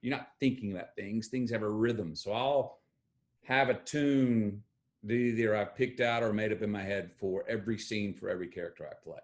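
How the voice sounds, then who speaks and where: A man's voice: lowish voice, steady tone, moderate pace. A man with a Texan accent, a guest in an interview, telling stories emphatically and acting out quoted voices. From Texas. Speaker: guest actor. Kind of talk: animated storytelling interview.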